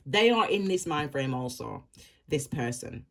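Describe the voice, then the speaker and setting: A tarot reader with a medium-pitched, animated voice and some vocal fry speaks at a measured pace straight to the viewer. The reading is loose and rambling, circling back and repeating phrases, while staying casual and reassuring throughout.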